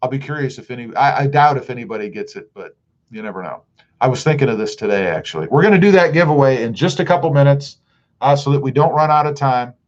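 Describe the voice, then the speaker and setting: A man's voice: medium pitch, animated, fast talker, muffled recording. A middle-aged man with a Southern US accent, chatting casually on a livestream and reading viewer comments aloud. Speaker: livestream host.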